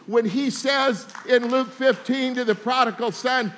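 A pastor preaching a sermon, folksy and humorous, sometimes slipping into quick mock voices of his listeners. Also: extremely high pitch, a bit bright, a little hiss or hum.

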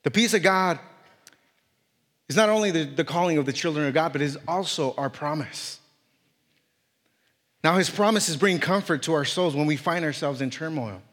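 High-voiced preacher with an accent in a reverberant hall. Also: male voice, moderate pace, long pauses, a bit bright. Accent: non-native English. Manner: reads scripture aloud, then preaches with repetition and rising emphasis; jokes self-consciously about his accent. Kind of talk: sermon. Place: church hall.

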